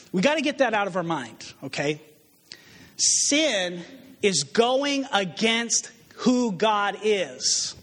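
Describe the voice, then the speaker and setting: A man preaches to his congregation in a high voice, throwing out rhetorical questions and acting out the people he quotes. His words ring with the long reverb of a large hall. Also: a bit bright. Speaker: pastor. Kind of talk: sermon.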